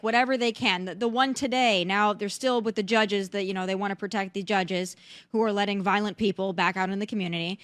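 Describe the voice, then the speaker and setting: A woman's voice: mid-range voice, dry recording. A young woman hosting political commentary, talking in an indignant, incredulous way. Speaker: host.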